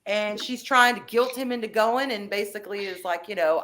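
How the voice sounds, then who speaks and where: A woman hosting a casual podcast chat, talking in an animated, emphatic way and swearing freely. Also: medium pitch, a little fast, hardly any pauses. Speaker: podcast host.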